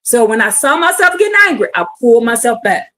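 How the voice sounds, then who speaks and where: Fervent woman preacher on a livestream, high voice, goes from hushed to shouting. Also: sing-song, quick pace. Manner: fervent, calls out to listeners, swings from hushed to shouting. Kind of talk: livestream sermon.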